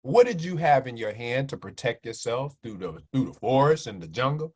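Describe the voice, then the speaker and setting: A man putting on a hushed, fatherly God. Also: medium pitch, very animated, normal speed, slightly rough, voice pushed down. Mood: calm fatherly. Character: God, calm fatherly male deity.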